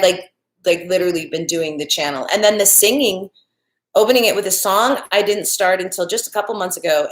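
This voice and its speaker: A woman's voice: mid-range voice, a bit bright. An older woman hosting a crafting livestream from her living room, chatting in a rambling way while she answers viewer comments. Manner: chatty and rambling, with frequent restarts and fillers. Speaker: YouTube crafting channel host. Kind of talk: casual livestream chat reading viewer comments. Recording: echoey room.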